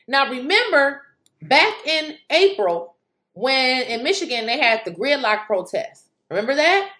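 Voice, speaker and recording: A woman giving animated political commentary, incredulous and exclaiming at times. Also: high-pitched, a little slow, reverberant. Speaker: commentary vlogger.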